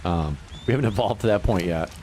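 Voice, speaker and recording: A man's voice: low voice, brisk, slight background noise. A man in his fifties chatting casually as a livestreamer, swearing freely and laughing often. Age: 50s. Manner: animated, profane, laughs often. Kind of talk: casual chat.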